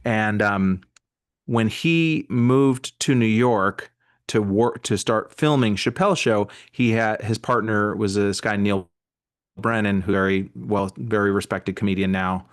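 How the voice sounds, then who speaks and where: A man with a fairly low voice chats loosely as a podcast guest. He rambles, breaks off mid-thought and circles back as he tells his stories. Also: unhurried, smooth. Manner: rambling, self-interrupting storyteller. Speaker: guest comedian. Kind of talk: casual podcast chat.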